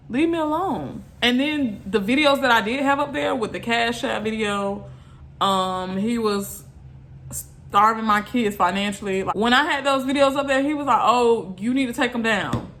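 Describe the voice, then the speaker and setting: A woman's voice: on the high side, fairly bright tone. A woman vlogger, venting bluntly and repeating herself in an exasperated rant to her viewers.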